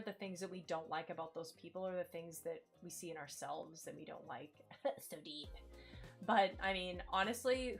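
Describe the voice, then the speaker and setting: A woman's voice: fairly low pitch, fairly bright tone. Chatty woman streamer, faint game music. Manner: chatty and candid, fillers like "like" everywhere, greets chat. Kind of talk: casual live-stream chat while playing.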